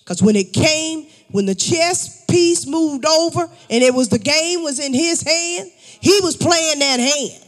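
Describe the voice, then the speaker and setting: Very high-voiced man preaching. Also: expressive, unhurried, few pauses. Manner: repetitive call-and-response preaching, rising to shouts. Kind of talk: sermon. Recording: long hall reverb.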